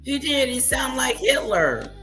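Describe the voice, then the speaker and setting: A woman's voice: high-pitched, very animated, measured pace, sharp tone, faint music behind. A woman hosting a reaction stream, scornfully talking back at the clips she plays. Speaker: commentary streamer. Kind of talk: reaction commentary.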